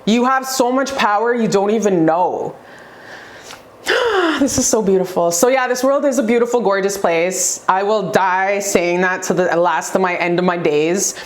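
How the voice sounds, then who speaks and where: A young woman giving a spiritual motivational talk to her viewers, emphatic and preachy, repeating phrases for effect in a forceful way of speaking. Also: medium pitch, normal speed. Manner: forceful, says she talks aggressively. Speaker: vlogger.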